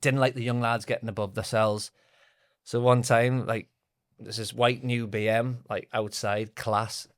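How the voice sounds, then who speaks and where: Guy, 30s, mid-pitch, chatty and laughing through footy stories. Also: little pitch movement, unhurried. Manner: chatty, laughing storyteller who reads out stories sent in. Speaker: podcast co-host. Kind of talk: casual chat, telling football anecdotes.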